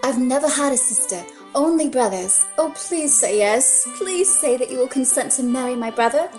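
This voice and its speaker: A woman's voice: high voice, animated, normal speed, faint music behind. A woman playing a sweet, coaxing young noblewoman. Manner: gentle, coaxing.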